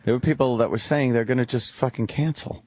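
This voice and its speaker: A man's voice: mid-range voice, fairly quick, a little mellow, dry recording. A man co-hosting a radio talk show, bantering in an exasperated, swearing way. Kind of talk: casual studio banter. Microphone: studio microphone.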